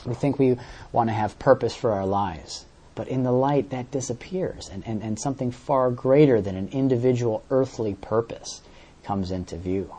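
A man's voice: medium pitch, moderate pace, dark tone, slightly rough. A man preaching a sermon, explaining verses with everyday examples and often repeating words as he searches for the next phrase.

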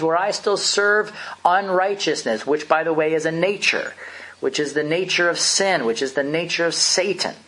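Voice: medium pitch, fairly bright tone, breathy edge. Preacher delivering an impassioned sermon. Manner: impassioned, emphatic preaching with rhetorical questions.

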